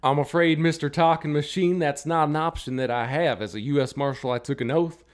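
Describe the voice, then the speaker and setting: A man's voice: a little high, fairly quick, natural voice. A man playing an exasperated male US Marshal detective in a tabletop game, folksy and blustery.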